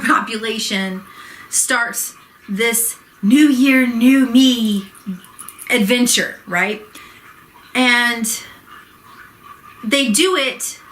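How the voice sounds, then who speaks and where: A woman's voice: fairly high pitch, bright, forceful tone, low-quality recording. A woman vlogging a heated personal rant to camera, swearing and exasperated, worked up and close to tears.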